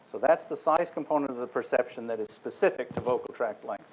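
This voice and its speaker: A man's voice: medium pitch, a little fast, a little hiss or hum, rough recording. A man giving a technical lecture to an audience. He explains step by step, speaks directly to his listeners and often restarts his phrases. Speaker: guest lecturer.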